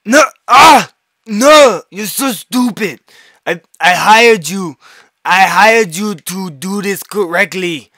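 A man putting on the voice of his uptight, angry former restaurant boss, shouting scoldings. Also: high voice, slow pace, no echo, clean studio sound, voice pushed up, full character voice.

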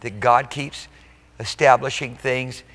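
A man preaching a sermon as pastor at a live church service. He swings between loud, emphatic exclamations and soft, intimate asides, often checking in with the congregation. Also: medium pitch, fairly even intonation, slow pace, big-room sound. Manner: rhetorical check-ins with the congregation.

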